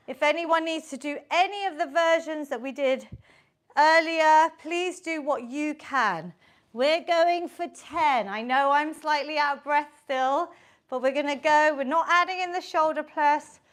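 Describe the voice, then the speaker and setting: High-voiced, unhurried woman fitness instructor. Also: fairly bright tone. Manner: encouraging, counts reps aloud. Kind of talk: live online workout instruction.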